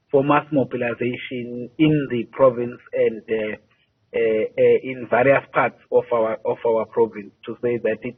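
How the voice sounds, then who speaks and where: A man, a party spokesperson answering a news interview by phone, measured and halting, with many hesitations and repeated words. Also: medium pitch, husky. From South Africa. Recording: tinny phone line.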